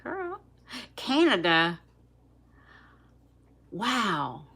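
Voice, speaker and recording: A woman's voice: medium pitch, big pitch swings, extremely slow, pushed and bright, husky. A woman with a South Louisiana accent chatting casually on a livestream, laughing often and talking straight to her viewers. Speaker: livestream host.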